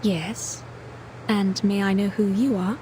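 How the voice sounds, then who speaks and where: Man doing a calm blind woman doctor. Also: high-pitched, slow pace, slight background noise, pitched above the performer's own voice, low-quality recording. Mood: polite. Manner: gentle and courteous. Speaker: streamer reading game dialogue.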